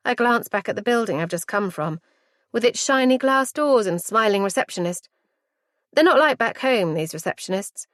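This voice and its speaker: A woman narrating a first-person audiobook in a measured, intimate and reflective way. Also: mid-range voice, no echo, studio quality.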